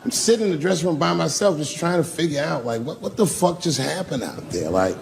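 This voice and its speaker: A man's voice: fairly high pitch, lively intonation, brisk, vocal fry, a crowd in the background. A man performing a stand-up comedy routine in a club, telling a profane story and acting out other people's voices, with the audience laughing. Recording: live club recording with long reverb.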